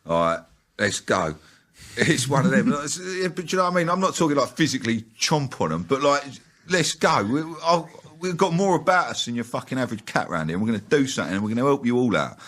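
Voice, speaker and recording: Brief: young bloke, interview guest, rapid, husky, foul-mouthed rant. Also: male voice, medium pitch, sing-song, a bit bright. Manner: fast, profane, ranting. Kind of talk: casual interview chat.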